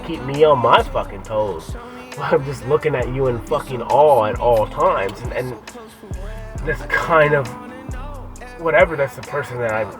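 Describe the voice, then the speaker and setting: A man's voice: medium pitch, a little slow, music in the background, low-quality recording. A man talking casually to the camera in a rambling, profane monologue full of fillers and restarts.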